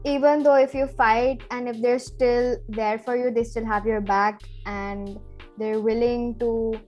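A woman's voice: a little high, level tone, measured pace, a little mellow, faint music behind. A young woman co-hosting a podcast, chatting casually and self-mockingly while giving earnest advice. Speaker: podcast co-host. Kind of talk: casual chat.

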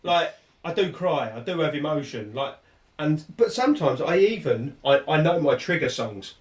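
A man's voice: fairly high pitch, animated, moderate pace, far from the mic. Podcast host, male, earnest and rambling, slightly raised voice, echoey room off-mic. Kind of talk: casual chat.

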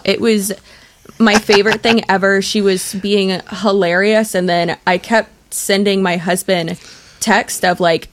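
A young woman in easy podcast banter, laughing often as she rambles through a story. She stops and restarts her sentences freely and fills them with ums and likes. Her pitch sits in the middle range for a woman. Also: steady tone, measured pace. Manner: giggly, rambling storyteller with many fillers. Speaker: podcast co-host. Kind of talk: casual chat.

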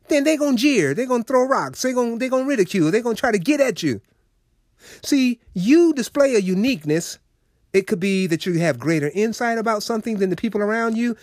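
Man, radio preacher, high voice, folksy preachy delivery addressed to listeners. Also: darkish tone, dry recording, clean studio sound. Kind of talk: sermon.

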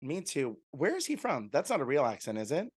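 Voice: mid-range voice, sing-song, fairly quick, breathy edge. A podcast co-host in casual chat, playful and laughing often.

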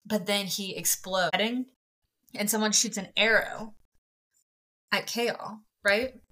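A woman co-hosting a book podcast, retelling the plot in an animated, slangy, expressive way. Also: mid-range voice, slow. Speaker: podcast co-host. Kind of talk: casual book-club chat.

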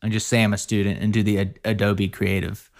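A man's voice: lowish voice, flat delivery, fairly quick, creaky. A young man co-hosting a podcast, chatting casually with lots of fillers. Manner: rambling, filler-heavy. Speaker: podcast co-host. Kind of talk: casual chat.

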